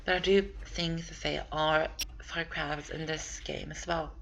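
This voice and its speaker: Low-voiced woman rambling through a game walkthrough, bit of fry, faint hiss behind. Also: steady tone, measured pace, fairly bright tone, muffled recording. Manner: rambling, chatty, thinks aloud. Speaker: video game walkthrough player. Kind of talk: casual gameplay commentary.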